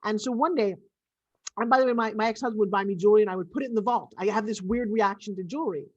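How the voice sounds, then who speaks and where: A middle-aged woman, a podcast interview guest, telling a personal story in an animated, emphatic way over a remote video call. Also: medium pitch, quick pace, dull audio.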